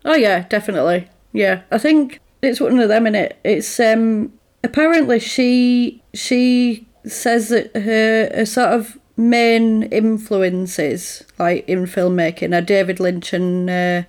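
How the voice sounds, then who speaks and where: A woman's voice: medium pitch, slow pace, a little mellow. A woman in casual chat, rambling through a film plot with lots of "like" and "sort of".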